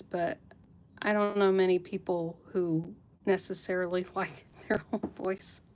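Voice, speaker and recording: A woman hosting a live jewelry sale stream, chatting casually with viewers by name and laughing often. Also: medium pitch. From United States.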